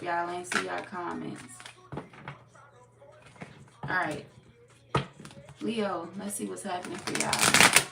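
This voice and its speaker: A woman giving a casual live tarot reading. She talks bluntly and profanely, chats with her viewers, and is slightly hoarse from losing her voice. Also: fairly low pitch. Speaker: tarot reader. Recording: echoey room, distant mic, background noise.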